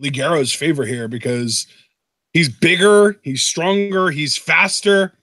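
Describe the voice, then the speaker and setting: A man's voice: on the high side, measured pace, pushed and bright. A man co-hosting a live reaction show, chiming in with casual, blunt remarks and crude jokes. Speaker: co-host of a wrestling reaction show.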